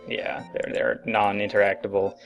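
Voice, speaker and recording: A man with a somewhat low voice plays an adventure game while chatting with a friend. His remarks are dry and deadpan. Faint game music sits behind him. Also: moderate pace, vocal fry, muffled recording. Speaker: let's play co-host. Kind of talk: casual gameplay commentary.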